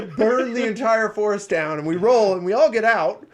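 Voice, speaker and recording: A young man hosting a podcast, telling a rambling, animated game story with frequent laughs and swearing. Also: sits high, brisk. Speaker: podcast host. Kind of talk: casual storytelling chat.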